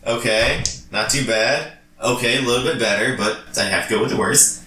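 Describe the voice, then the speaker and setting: A man's voice: mid-range voice, fairly quick, far from the mic, background noise. A man playing a tabletop game, playful and joking in casual chat, recorded with a roomy echo. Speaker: player.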